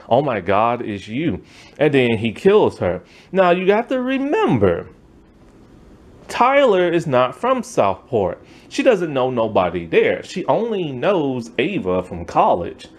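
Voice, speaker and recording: A man's voice: mid-range voice, a little mellow. A man giving a casual, rambling movie review rant, loose and exasperated, with lots of filler words.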